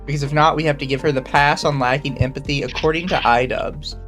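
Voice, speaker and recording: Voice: medium pitch, fairly even intonation, quick pace. A podcast host chatting casually and reading out chat messages, blunt, swearing and dry. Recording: soft background music under the talk.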